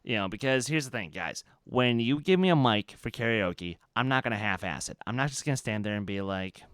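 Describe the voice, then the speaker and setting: A young man co-hosting a podcast, telling a story in casual chat, animated and full of fillers and restarts. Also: mid-range voice, a little fast, smooth, no room sound, clean studio sound. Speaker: podcast co-host.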